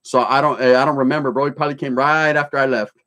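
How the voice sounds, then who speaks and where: A man's voice: medium pitch, steady tone, fast, pushed and bright. A middle-aged man from California hosting a casual livestream, reading chat and telling stories in streetwise slang with plenty of swearing.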